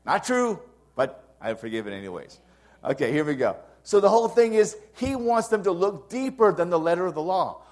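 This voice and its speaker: High-pitched man preaching a sermon. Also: big pitch swings, brisk. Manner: earnest, conversational preaching with emphatic rises. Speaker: pastor.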